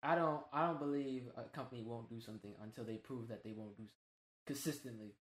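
A man co-hosting a casual gaming podcast, talking in an animated, slangy way and swearing freely. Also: medium pitch, fast talker, echoey room. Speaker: podcast co-host.

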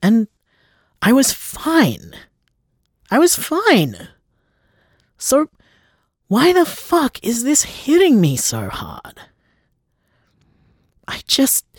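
A man's voice: on the high side, no room sound, clean studio sound, exaggerated voice. A man acting a young man who has been hurt by his parents. He sounds shaky and unsure of himself, and he trails off into whispers. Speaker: estranged son confiding in his partner. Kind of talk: audio drama acting.

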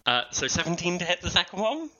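A man's voice: sits high, very animated, fast talker, bright, forceful tone, lo-fi sound. A man playing a tabletop game, calling out his dice rolls with many hesitant ums. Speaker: player.

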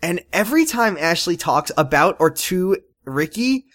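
A man's voice: sits high, lively intonation, normal speed, a bit bright. A man co-hosting a casual comedy podcast, riffing and recapping a TV show in a self-deprecating way. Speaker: podcast co-host.

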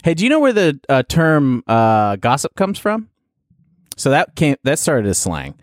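A man's voice: on the high side, unhurried, dry recording, clean studio sound. A young man co-hosting a podcast, telling stories and joking with friends in a casual chat. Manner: lively, laughing, jokey storyteller. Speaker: podcast co-host.

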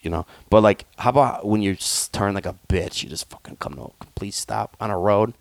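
A man's voice: fairly low pitch, brisk, gravelly, dry recording. A man, co-hosting a podcast, joking and rambling in casual chat.

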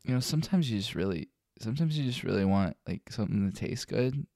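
A man's voice: on the low side, lively intonation, fast talker, vocal fry, a little mellow, no room sound, clean studio sound. A man co-hosting a casual comedy podcast, rambling with ironic fake emotion and swearing. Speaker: podcast co-host.

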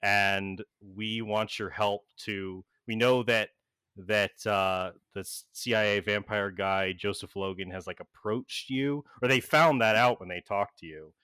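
A man's voice: fairly low pitch, fairly even intonation, measured pace, bright, forceful tone, clean tone, no echo. A man narrating a tabletop role-play game as game master, rambling and full of filler words.

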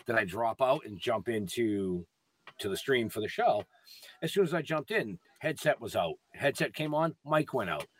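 A man co-hosting a podcast on a headset, animated and profane, speeding up as he rants. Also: mid-range voice. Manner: animated, profane, fast when ranting. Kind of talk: casual chat.

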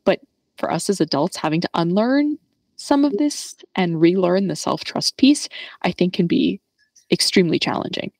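A young woman with a low, gravelly voice chats as a podcast guest. She speaks in a slangy, animated way, with plenty of casual fillers. The sound is dry and close. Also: moderate pace, dry recording. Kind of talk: casual conversational interview.

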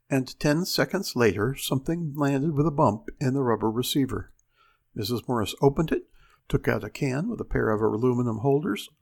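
A man narrating a story aloud in an expressive reading style, giving the characters their voices. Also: mid-range voice, vocal fry, breathy edge.

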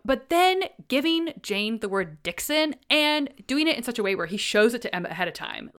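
A woman co-hosting a casual book podcast, chatty and animated, often laughing and acting out lines from the story. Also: on the high side, moderate pace, smooth. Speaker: podcast co-host.

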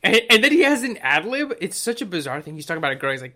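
A man chatting casually about songs he likes, rambling and swearing as he goes. His voice is bright and forceful and sits a bit high. He acts out little quotes along the way. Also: sing-song, racing. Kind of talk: casual chat about music.

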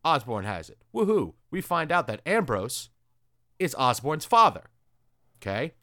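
A man's voice: medium pitch, very animated, a little slow, sharp tone, dry recording, studio quality. Sarcastic man recapping with crude asides. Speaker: podcast host reviewing comics. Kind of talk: casual chat.

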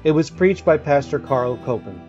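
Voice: mid-range voice, lively intonation, normal speed, darkish tone, lo-fi sound. Formal podcast intro over guitar. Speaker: podcast announcer. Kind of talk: scripted introduction.

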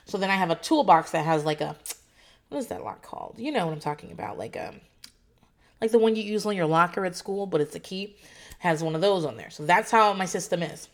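A woman in her thirties telling a story in a casual vlog, animated and profane, acting out what others said. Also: lowish voice, a little fast. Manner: animated, swearing, quotes others in voices. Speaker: foster parent telling a story.

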